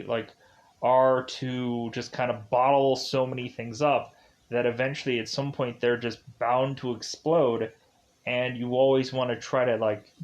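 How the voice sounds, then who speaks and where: A man's voice: mid-range voice, highs cut off. A man recapping a film in a casual, rambling way, with many fillers, and retelling the scenes loosely in the present tense. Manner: rambling, filler-heavy, with many likes and kinda's. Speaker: film reviewer. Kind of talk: casual spoken movie recap.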